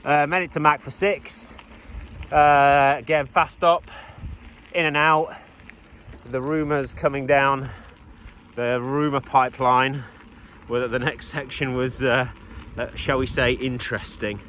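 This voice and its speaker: A man's voice: medium pitch, fairly even intonation, a little slow, a bit bright. Male cyclist, casual on-the-go vlog narration, conversational and self-deprecating, faint outdoor background noise. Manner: chatty, rambling, with self-deprecating asides. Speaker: bikepacking racer vlogging the ride. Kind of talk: casual spoken recap while riding. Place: outdoors on a trail, riding a bike.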